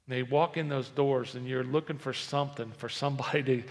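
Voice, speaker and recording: Male pastor, gravelly tone, preaching with big dynamic swings, long hall reverb. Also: steady tone, fairly quick, hardly any pauses. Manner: preaching with sudden swings between loud emphasis and low, quiet asides. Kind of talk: sermon. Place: church.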